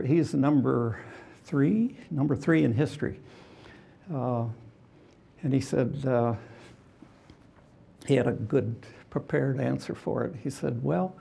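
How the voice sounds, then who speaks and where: An older man, a retired fighter pilot, telling anecdotes in an onstage interview, halting with many fillers and chuckling between stories. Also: medium pitch, vocal fry, warm tone, breathy edge.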